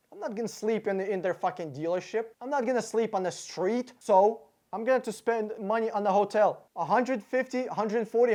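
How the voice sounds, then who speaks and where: A man's voice: high voice, darkish tone. A man hosting his car-buying channel, ranting angrily and sarcastically while working out costs aloud, swearing freely and often stumbling over his words. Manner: angry, profane, sarcastic, thinks aloud through sums. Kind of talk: casual rant to camera.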